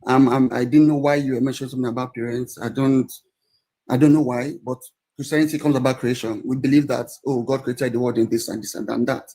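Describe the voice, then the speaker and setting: A man's voice: mid-range voice, steady tone, a little fast, mellow. A man speaks in a live audio-room debate in an ordinary mid-range voice. He argues and pleads by turns, restarting his sentences and saying things twice. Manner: argumentative and pleading, restarts and repeats himself. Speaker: caller in a debate.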